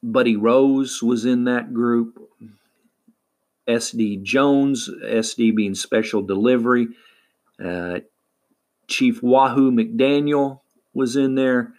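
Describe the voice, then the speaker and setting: A man hosting a wrestling recap, talking casually and haltingly with lots of fillers. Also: medium pitch, fairly even intonation, a little mellow. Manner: halting, many fillers and restarts. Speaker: wrestling podcast host.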